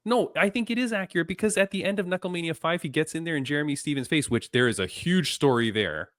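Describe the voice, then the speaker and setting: A man's voice: on the high side, animated, fast, fairly bright tone, no room sound, clean studio sound. A man hosting a podcast interview, chatting casually with many fillers and restarts. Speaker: podcast host.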